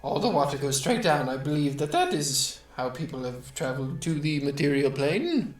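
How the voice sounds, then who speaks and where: A game master voicing a forgetful, whiskey-loving male balloonist in the fey realm, rambling with hard breathy H sounds and much dithering. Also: medium pitch, animated, moderate pace, faint music behind, close to an everyday voice. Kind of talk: voicing a character in a tabletop game.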